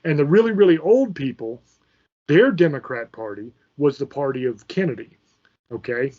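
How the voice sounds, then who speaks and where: Combative man ranting on his channel, cursing freely, slightly high voice, muffled lo-fi sound. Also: lively intonation, moderate pace. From Virginia, USA. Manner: angry, profane, combative. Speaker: channel host. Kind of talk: ranting political commentary.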